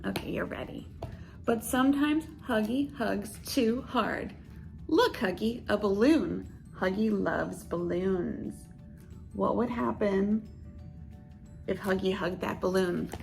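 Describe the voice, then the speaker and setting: A woman librarian reading picture books aloud to young children, playful and expressive, with sound effects and little laughs. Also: mid-range voice, creaky, faint music behind. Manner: speaks slowly and coaxingly to young listeners.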